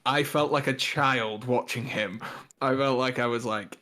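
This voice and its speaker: A man's voice: medium pitch, steady tone, measured pace, pushed and bright. Chatty man co-hosting a stream. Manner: enthusiastic, uses lots of "like". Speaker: co-host. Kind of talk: casual live-stream chat.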